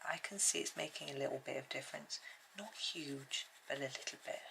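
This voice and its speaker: Woman, colouring host, bright gravelly low voice, casual thinking-aloud tutorial. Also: brisk, slight background noise. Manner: chatty, thinking aloud while working. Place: at home.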